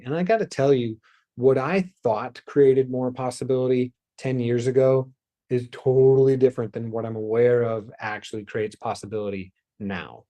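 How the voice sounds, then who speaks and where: A man hosting a spiritual self-help talk, speaking loosely and rambling, with sighs and soft asides. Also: medium pitch. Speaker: host.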